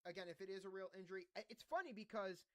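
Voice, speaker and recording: A man's voice: high-pitched, lively intonation, very fast, fairly bright tone. A young man hosting a wrestling podcast, recapping the show casually, swearing and joking at himself. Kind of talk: casual wrestling recap, reading notes aloud.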